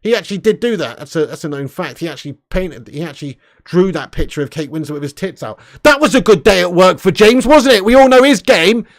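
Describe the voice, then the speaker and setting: A young man hosting a casual livestream, reading super chats, loud and sweary with lots of banter. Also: high voice, animated, fast talker, hardly any pauses. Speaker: livestream host.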